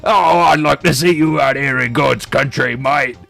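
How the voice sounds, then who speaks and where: A man's voice: medium pitch, moderate pace, creaky, fairly bright tone, soft background music, pitched above the performer's own voice. A man putting on a cheeky, brash mock-British voice, hamming up praise and banter on a game stream. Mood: taunting. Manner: exaggerated hammy British put-on.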